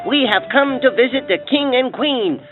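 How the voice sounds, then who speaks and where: A woman voicing an upbeat young hero in a toy's story, speaking with bright enthusiasm. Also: sits high, moderate pace, lightly acted. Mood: cheerful. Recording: tinny lo-fi toy speaker with soft music.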